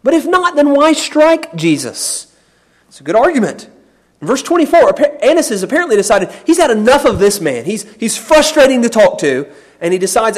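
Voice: mid-range voice, very animated, normal speed. A Bible teacher giving a sermon, explaining a passage with emphasis and often repeating words.

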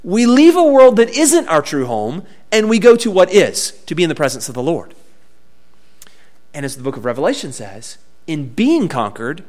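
Guy preaching a sermon, higher voice, really animated. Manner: expressive preaching with wide swings in pitch and volume. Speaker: pastor.

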